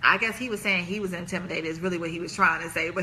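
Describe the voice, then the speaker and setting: A woman's voice: medium pitch, fast talker, pushed and bright, slight background noise. A woman hosting a live relationship stream, chatting casually and laughing as she reads viewer comments aloud.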